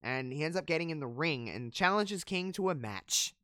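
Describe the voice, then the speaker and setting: Bright, crisp-voiced man chatting casually. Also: a little high, lively intonation, normal speed, no echo, clean studio sound. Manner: chatty, profane, many fillers, laughs at own jokes. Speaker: podcast co-host recapping wrestling. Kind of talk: casual chat.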